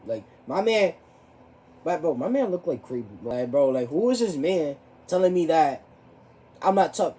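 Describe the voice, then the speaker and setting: A teenage boy telling a story to camera in a rambling, profane way. His voice jumps high when he gets riled up. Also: very animated, normal speed, warm tone, breathy edge. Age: teens. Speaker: vlogger.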